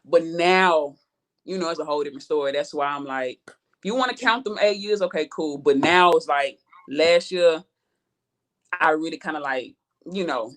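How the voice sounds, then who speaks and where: A woman's voice: low-pitched, moderate pace. A woman rap artist from Houston with a Southern accent, talking in a laid-back, slangy way and swearing freely in a casual interview. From Houston, Texas.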